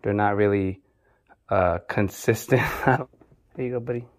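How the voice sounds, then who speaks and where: A man casually chatting on a vlog as he shows his snakes, talking softly and coaxing them. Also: on the low side, measured pace. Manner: laid-back, talks softly to his snakes. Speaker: snake keeper showing his collection. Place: indoor snake room.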